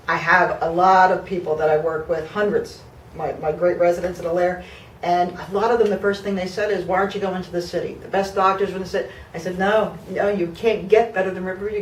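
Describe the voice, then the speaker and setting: A woman's voice: on the low side, a little mellow, reverberant, far from the mic, slight background noise, rough recording. A woman of fifty from New Jersey giving an emotional patient testimonial, heartfelt and close to tears, with fillers and restarts. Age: 50s.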